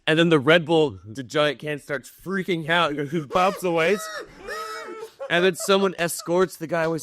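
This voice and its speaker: A man's voice: fairly high pitch, animated, fairly quick, a bit bright. A man in casual chat as a film producer guest, telling stories animatedly, acting out quoted lines and swearing casually.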